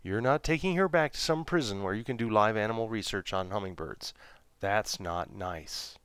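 A man voicing a prim, motherly female animal in a storybook, scolding in a gentle way. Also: fairly low pitch, expressive, moderate pace, clear, resonant tone, no echo.

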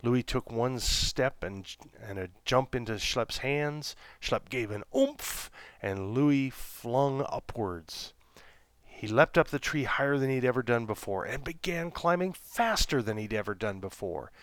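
A man reading a serialized children's story aloud in a gentle, unhurried storytelling manner. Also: medium pitch, expressive, no echo. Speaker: narrator.

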